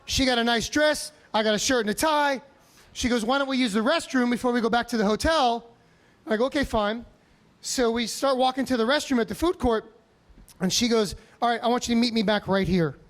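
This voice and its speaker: A comedian from Chicago telling animated stories on a comedy club stage, with sudden loud outbursts. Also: male voice, very high voice. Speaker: stand-up comedian. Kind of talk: stand-up set.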